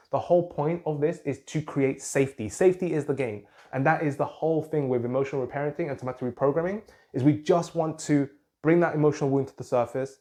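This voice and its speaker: A man's voice: medium pitch, warm tone. A man coaching on anxiety, explaining earnestly and circling back to his points as he writes on a board. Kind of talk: explanatory talk to camera.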